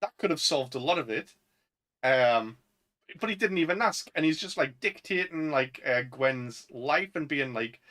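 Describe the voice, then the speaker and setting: Chatty Northern English young man, bright. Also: medium pitch, measured pace, low-quality recording. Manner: rambling, lots of "um" and "like". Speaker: podcast co-host. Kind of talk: casual chat.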